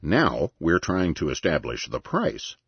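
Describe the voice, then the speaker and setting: A man's voice: a bass voice, wildly swooping pitch, a little slow, slightly rough, no room sound, muffled recording, heavily acted. A man voicing a smug, sly man delivering a cutting punchline, in a dry, sardonic manner.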